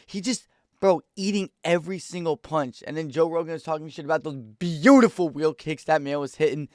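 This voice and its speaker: A young man giving a casual, excitable fight reaction, rambling in slang. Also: a little high, a little fast, dry recording, clean studio sound. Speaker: MMA reaction YouTuber.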